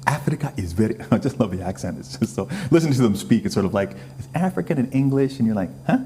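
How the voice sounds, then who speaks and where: A man's voice: medium pitch, very animated, fast, mellow, a little hiss or hum. A man talking as a guest on a talk show, joking and chatty, with many "uh"s. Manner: joking, talkative, says "uh" a lot. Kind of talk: casual chat.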